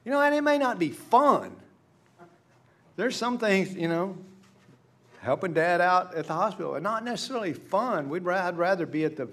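Middle-aged guy preaching, kinda high voice, tells stories, goes quiet then builds up big. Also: big pitch swings, moderate pace. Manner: conversational storytelling with sudden hushed asides and rising emphatic peaks. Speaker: pastor. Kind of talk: sermon.

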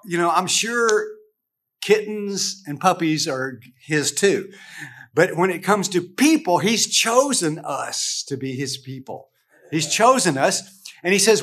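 A man from the United States leads a relaxed Bible lesson for a small group. His voice sits noticeably high for a man, and he talks in a loose, conversational way. He often restarts his sentences and poses rhetorical questions to the class. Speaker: Bible study teacher.

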